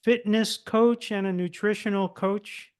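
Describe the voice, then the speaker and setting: A male interview host with a fairly high voice and a smooth, resonant tone. He keeps things casual and asks short, wry follow-up questions. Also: steady tone, measured pace, a little mellow.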